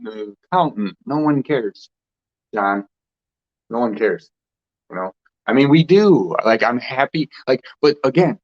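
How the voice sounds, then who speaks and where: Man host musing aloud in a loose, rambling way; mid-pitched, slightly dull recording. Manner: loose and rambling, with frequent restarts and laughs. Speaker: spiritual vlogger host. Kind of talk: rambling casual monologue.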